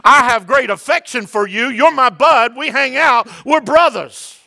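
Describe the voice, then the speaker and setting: Guy doing peter the disciple, chummy bro talk, gravelly and bright. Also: very high-pitched, a little slow, no room sound, voice pushed up, full character voice. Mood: casual. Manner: casual, buddy-like. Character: Peter, a humble male disciple, casual and brotherly.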